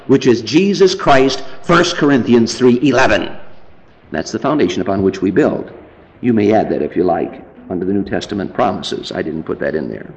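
A man's voice: expressive, moderate pace, a little mellow, low-quality recording. A man preaching a sermon, citing scripture references and building to emphatic, fervent passages. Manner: emphatic, rising to fervent high-pitched preaching; lists scripture references as he teaches.

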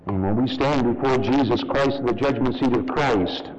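A man preaching a fervent sermon as pastor, his voice leaping high for emphasis and then dropping low. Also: normal speed, in a large hall, crowd noise, low-quality recording. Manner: fervent preaching with sharp rises and drops in pitch. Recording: loud background noise.

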